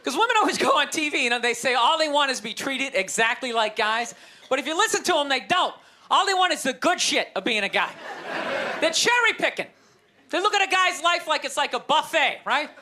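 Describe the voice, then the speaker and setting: A man's voice: very high-pitched, big pitch swings, a little fast, pushed and bright. A man doing a profane, sarcastic stand-up comedy set in front of a live audience. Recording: live stand-up recording with crowd and noise.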